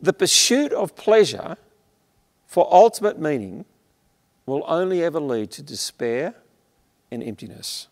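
A man with an Australian accent preaching an earnest sermon, slowing on key words and letting his sentences fall away at the end. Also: fairly high pitch, sing-song, a little mellow. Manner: earnest, emphatic preaching with slowed stresses and dropping endings. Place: church, streamed online. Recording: long hall reverb.

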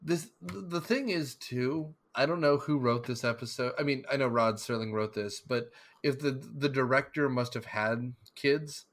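A man's voice: medium pitch, moderate pace, few pauses, a bit bright. A man hosting a casual podcast discussion, rambling with many fillers and restarts, acting out scenes as he describes them. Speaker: podcast host.

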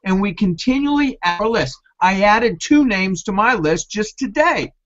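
A man's voice: high voice, animated, moderate pace, fairly bright tone. A man hosting an online business training, coaching in a motivational webinar style and firing off rhetorical questions. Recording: muffled lo-fi video call audio.

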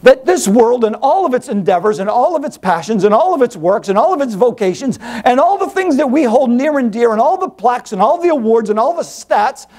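A male pastor preaching a sermon in an animated, rhetorical way, firing questions at the congregation. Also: very high-pitched.

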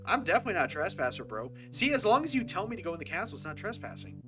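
Excitable, foul-mouthed game streamer. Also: mid-range voice, racing, over music. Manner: excitable, swears freely, swings between loud and hushed. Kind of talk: casual live game commentary.

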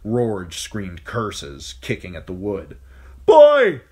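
A man reading a fantasy novel aloud as an audiobook narrator, steady storytelling with occasional slips. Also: deep voice, normal speed. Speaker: audiobook reader. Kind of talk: scripted narration.

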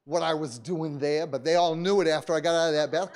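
A man, a pastor, telling a story in a sermon, dropping to hushed asides, shouting prayers and laughing often. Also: on the high side, steady tone, fast. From United States. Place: church service.

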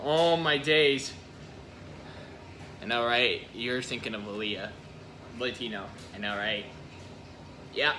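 A man's voice: on the low side, fairly even intonation, unhurried, long pauses, noisy background. A man hosting a reaction video, teasing and giggling in casual commentary. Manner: teasing, giggly, jumps between mock voices.

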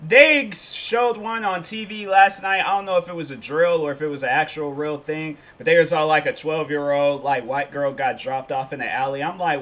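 Bright-voiced man rambling in a reaction video. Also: on the high side, moderate pace, few pauses. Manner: rambling storytelling with filler phrases. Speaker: reaction channel host. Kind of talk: casual reaction commentary.

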